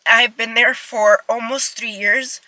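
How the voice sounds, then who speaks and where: A woman's voice: fairly high pitch, fairly even intonation, slow, bright, forceful tone, no room sound, low-quality recording. A young woman in her twenties talking to her phone camera in a car, chatty and rambling, emotional and close to tears. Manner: chatty, rambling with many "like" fillers. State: tearful, emotional. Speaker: vlogger. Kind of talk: casual vlog talk to camera.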